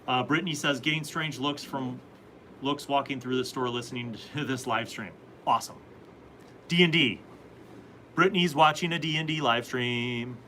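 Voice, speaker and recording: Bright-voiced man chatting on a live stream. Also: mid-range voice, normal speed, a little hiss or hum, poor audio. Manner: rambling, chatty, reads out viewer comments. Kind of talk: casual live-stream chat answering comments.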